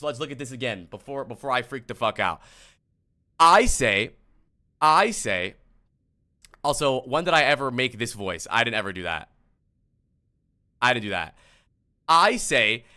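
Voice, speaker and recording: A young man coaching on a livestream, his voice bright and fairly high for a man. He talks in an exasperated, rambling way, with frequent restarts and casual swearing. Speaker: streamer and game coach. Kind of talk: casual stream talk.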